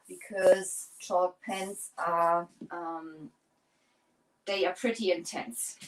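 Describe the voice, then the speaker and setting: A woman's voice: mid-range voice, fairly bright tone, rough recording. A woman hosting a livestream, chatting casually and rambling with many fillers while she paints furniture.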